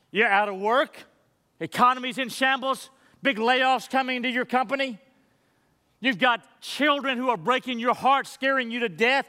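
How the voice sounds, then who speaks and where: A man preaching in a church sanctuary, his bright, high voice carrying a long hall reverb. He is an earnest, emphatic pastor who slows down to press key words home. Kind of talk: sermon.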